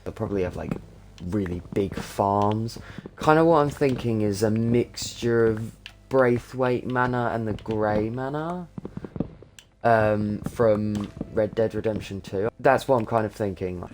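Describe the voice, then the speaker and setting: A man's voice: on the low side, a little slow, darkish tone. A young man chatting and thinking aloud as he streams a game, rambling casually between tasks. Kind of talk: casual gameplay commentary. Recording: noisy with keyboard clicks. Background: keyboard typing.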